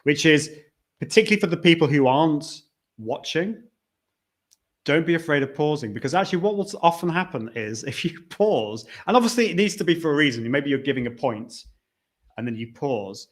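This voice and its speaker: A man's voice: fairly high pitch, expressive, brisk. A man hosting a live video show, chatting casually from a conference venue and reading out viewer comments as he goes. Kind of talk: casual live-stream chat.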